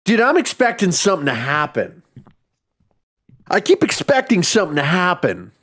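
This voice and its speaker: A man giving casual commentary while playing a horror game, swearing freely and joking as he reacts to what happens on screen. His pitch rises and falls a lot, giving his talk a lively, animated bounce. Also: moderate pace, pauses often. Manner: profane, joking, often laughing and reacting loudly. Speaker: streamer.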